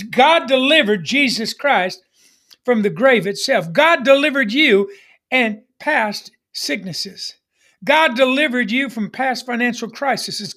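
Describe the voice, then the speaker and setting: A man's voice: very high-pitched, fairly bright tone. A middle-aged man preaching a sermon as pastor, emphatic, with repeated refrains and calls for the congregation to respond.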